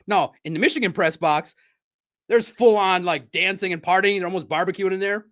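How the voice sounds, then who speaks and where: A man hosting a sports podcast, chatting casually and telling animated stories with frequent laughter. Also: sits high, normal speed. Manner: animated storyteller, laughs often, mimics shouting. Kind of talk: casual livestream chat.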